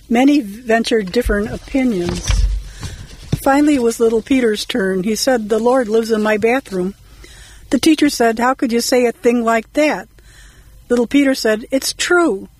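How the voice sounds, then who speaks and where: A woman co-host reading mock ads and jokes aloud in a brisk, light way. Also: a little high, darkish tone, breathy edge, rough recording.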